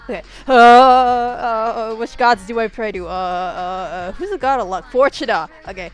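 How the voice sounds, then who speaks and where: Woman gamer, higher-pitched, excitable, curses and shouts often, casual commentary style. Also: normal speed, few pauses, smooth, faint music behind. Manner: excitable, swears, bursts into yells. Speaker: streamer.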